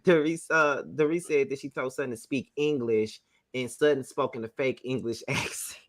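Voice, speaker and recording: A man's voice: mid-range voice, steady tone, normal speed, no room sound. A man co-hosting a casual recap chat, reading out episode notes with laughs in between. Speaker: podcast co-host.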